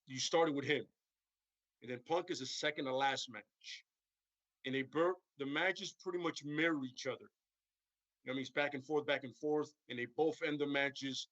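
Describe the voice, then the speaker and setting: A man's voice: medium pitch, a bit bright, no echo, muffled recording. A man hosting a stream, rambling casually about wrestling storylines and tagging sentences with "right?" and "you know what I'm saying?". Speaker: stream host.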